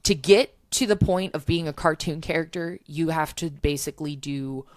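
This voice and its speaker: Brief: low-pitched woman, podcast guest, rambling storyteller, filler-heavy. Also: moderate pace, no room sound, studio quality. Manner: chatty storyteller with many "um"s and "like"s. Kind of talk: casual interview chat.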